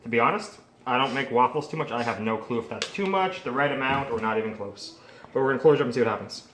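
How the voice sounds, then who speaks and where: A Canadian man hosts a casual cooking vlog from his home kitchen, chatting as he cooks and tastes the food. He's a home cook running his own channel, talking fast in a mid-range, fairly bright voice. The sound is roomy, with slight background noise.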